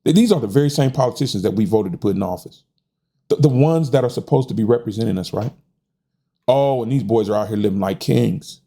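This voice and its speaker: A man's voice: medium pitch, a little fast, warm tone. A middle-aged American man in a casual monologue, frustrated and folksy, often stumbling over repeated words and tossing in "man". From United States. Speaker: host.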